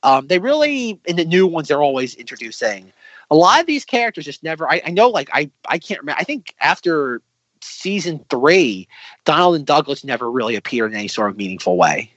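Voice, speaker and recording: Man, casual chat, rambling, fillers, slightly high, dry dull sound. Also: very animated, fairly quick, a bit bright, dry recording. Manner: rambling, filler-heavy, enthusiastic.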